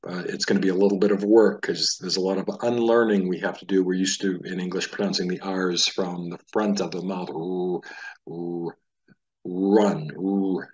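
A man from the United States teaching a casual Hebrew lesson, talking in a relaxed, conversational way and sounding out letters aloud. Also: sits low, brisk, hardly any pauses, distant mic, lo-fi sound.

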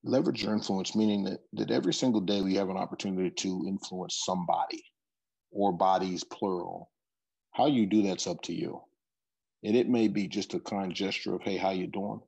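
A man's voice: deep voice, steady tone, a little fast, creaky, a little mellow, slightly rough, low-quality recording. A middle-aged man, a football coach, telling stories in an interview, often repeating words as he starts a sentence. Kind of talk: interview storytelling.

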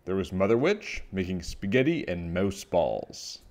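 A man reading a children's picture book aloud with animated storytelling. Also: low-pitched, measured pace.

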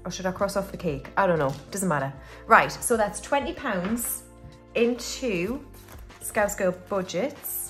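This British budgeting host has a medium-pitched, expressive voice and speaks a little slowly, with faint music behind her. She keeps up a relaxed cash-stuffing commentary, counting bills aloud and walking herself through the process.

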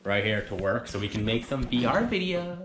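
A man's voice: medium pitch, big pitch swings, a little fast. A young man casually vlogging at home with friends, rambling, swearing and laughing a lot. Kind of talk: casual vlog chat with friends. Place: indoors at home, bedroom. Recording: echoey room, faint noise.

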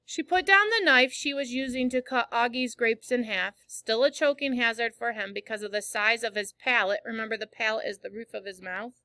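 A woman reading a first-person novel aloud in clear, steady storytelling. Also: fairly high pitch, normal speed, hardly any pauses, no echo. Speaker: audiobook reader.

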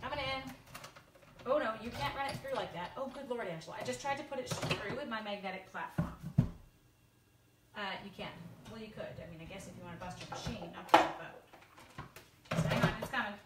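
A woman's voice: fairly high pitch, a little fast, pauses often, heavy background noise. A woman hosting a live craft demonstration, chatting playfully with viewers and teasing herself as she works. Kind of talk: casual live craft demo.

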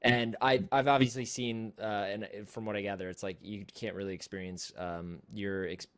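A man's voice: on the low side, level tone, moderate pace, clear, resonant tone. A man hosting an interview, reacting with enthusiasm and stumbling through restarts. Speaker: podcast host. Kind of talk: casual interview chat.

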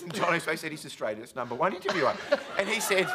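Man, comic storyteller on TV chat show; lively, jumpy delivery, acts out quotes; noisy vintage broadcast sound. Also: fairly high pitch, fast. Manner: animated storyteller, acts out quotes, laughs often. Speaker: comedian and talk show guest. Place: television studio. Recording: noisy 1980s TV broadcast audio.

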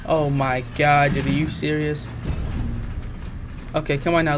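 A man's voice: a little high, little pitch movement, a little slow, background noise. Crude, jokey young man playing a horror game. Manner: jokey, crude, reactive, swears a lot. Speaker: gaming channel host. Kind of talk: casual let's play commentary.

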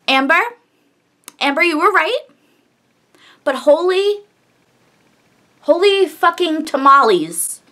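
A woman's voice: high-pitched, bright, forceful tone. A young woman gushing and exclaiming as she reacts to an album, swearing often as she talks. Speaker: music reaction vlogger. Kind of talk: excited music reaction. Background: faint pop music playing.

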